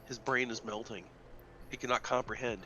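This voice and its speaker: A man's voice: mid-range voice, fairly even intonation, normal speed, bright, forceful tone, slight background noise, low-quality recording. A man from southern Minnesota giving dry, joking replies during a co-op farming game stream. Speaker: co-op player. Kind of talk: casual gameplay chat.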